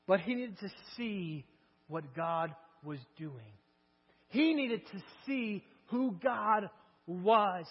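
A man's voice: very high-pitched, husky. A male preacher giving a sermon, telling the story in a conversational way with many rhetorical questions. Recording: echoey hall, dull lo-fi sound, mains hum.

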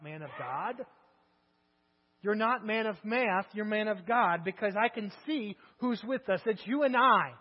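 A man's voice: high-pitched, slightly rough. A male preacher voicing a frightened male servant who pleads with his master about an enemy army. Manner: anxious, pleading. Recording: echoey hall, dull lo-fi sound, mains hum.

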